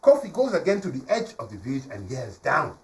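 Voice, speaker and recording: A male storyteller performs a folk tale for a studio audience, his pitch swooping lively up and down. He sounds set back from the microphone, with faint ambient noise in the room. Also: brisk, far from the mic, low-quality recording. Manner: animated, playful, engages the audience.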